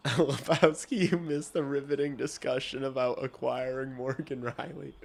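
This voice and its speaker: A man streaming live as he watches hockey, chatting bluntly and profanely with his viewers and now and then working up into loud rants. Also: mid-range voice, steady tone, unhurried, creaky, few pauses.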